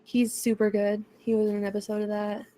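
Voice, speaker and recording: A chatty woman co-hosting a podcast, gushing about what she watches and laughing as she goes. Her voice sits at an ordinary middle pitch. A faint hiss of background noise runs under the recording. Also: completely flat delivery, a little fast, warm tone. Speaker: podcast co-host. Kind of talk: casual chat.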